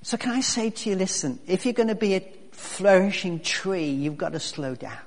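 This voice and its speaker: Preaching at a moderate pace, a pastor whose voice sits high keeps things conversational, full of restarts and fillers. The recording carries the long reverb of a large hall.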